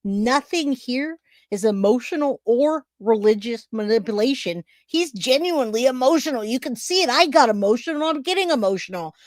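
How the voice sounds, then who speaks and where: A woman's voice: a little high, expressive, moderate pace, dry recording, clean studio sound. Blunt woman giving reaction commentary. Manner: blunt, emotional, swears casually. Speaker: online commentator.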